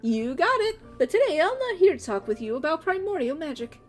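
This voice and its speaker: A bubbly young magic woman, voiced by a woman, who sounds bright and high, bouncing all over her range. Faint music plays behind. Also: sing-song, brisk. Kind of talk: fan voice acting of a game.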